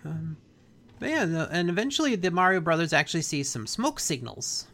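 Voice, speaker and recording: A man's voice: on the high side, very animated, a little fast, pushed and bright. A man in casual chat, recapping an episode in a laid-back, slangy way. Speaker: podcast host.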